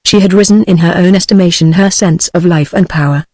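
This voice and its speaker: A woman's voice: lowish voice, fairly quick, a little mellow, no echo. Synthetic British woman reading a novel. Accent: British English. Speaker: narrator.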